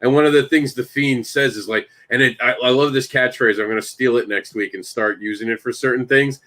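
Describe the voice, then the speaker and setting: Animated storytelling man, mid-pitch voice. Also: fairly quick, hardly any pauses. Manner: animated storyteller, talks to co-hosts by name. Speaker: podcast host and comic creator. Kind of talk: casual chat.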